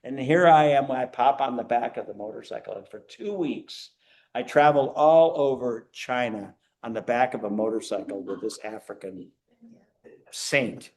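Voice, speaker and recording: An older man giving an animated, self-mocking storytelling talk to a church audience. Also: mid-range voice, normal speed. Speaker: guest speaker.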